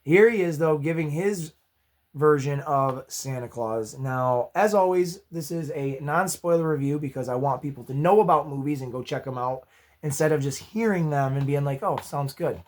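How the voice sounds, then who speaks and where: A man's voice: on the high side, normal speed. Chatty man losing his voice. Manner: chatty and upbeat, self-deprecating asides. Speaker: movie review channel host. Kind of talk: casual spoken movie review.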